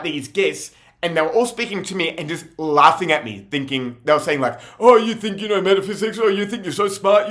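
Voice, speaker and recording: Young man, casual vlog storytelling, laughs a lot, bright voice. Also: a little high. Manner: rambling, laughing often, slangy. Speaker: vlogger.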